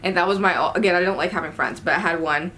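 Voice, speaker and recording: A young woman vlogger telling a storytime at home, animated and exasperated, swearing as she acts out the dialogue herself. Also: on the low side, fast talker, a little hiss or hum. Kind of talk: casual storytime chat.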